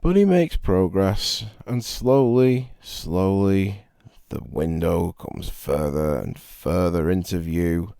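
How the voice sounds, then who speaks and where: A deep-voiced man with a Northern English accent tells a bedtime story for meditation. He takes it slow, and his tone is mellow and dark. He rambles happily into little jokey asides. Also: lively intonation, vocal fry, no echo. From Northern England.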